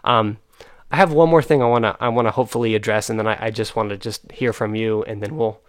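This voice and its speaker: A man's voice: lowish voice, fairly even intonation, quick pace. A young man hosting a casual talk, earnest and frustrated, with many fillers and restarts. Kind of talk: casual chat.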